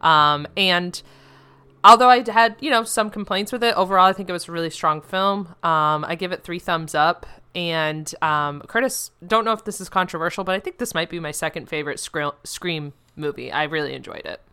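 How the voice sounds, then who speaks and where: A woman co-hosting a podcast, chatting in an animated, giggly way. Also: fairly low pitch, moderate pace, clear, resonant tone. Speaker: podcast co-host. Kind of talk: casual chat.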